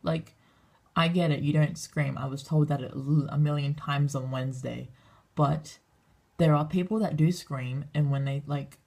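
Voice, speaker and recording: A woman's voice: low voice, steady tone, moderate pace, vocal fry, a little mellow. A young woman telling a story in a casual vlog, rambling and swearing a lot as she acts out what people said. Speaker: vlogger.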